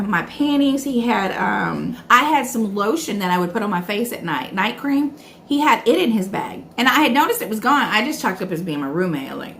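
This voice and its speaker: A woman's voice: mid-range voice, slight background noise. Chatty woman telling a story to viewers. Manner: animated storyteller acting out her own past reactions; chatty, keeps addressing viewers as y'all. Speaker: food vlogger. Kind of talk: casual mukbang storytime.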